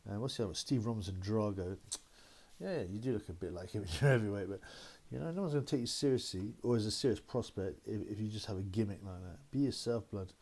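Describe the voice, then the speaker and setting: Brief: male host, slightly low voice, loose rambling chat with laughs. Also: quick pace, darkish tone. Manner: rambling, laughing, mocking impressions of critics. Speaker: boxing channel host. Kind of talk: casual solo commentary.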